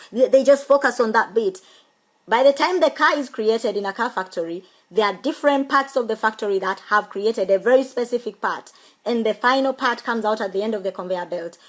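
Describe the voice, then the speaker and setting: A middle-aged woman coaching on a motivational live stream, emphatic and repeating key phrases, pausing to greet viewers. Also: medium pitch, low-quality recording. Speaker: home business coach.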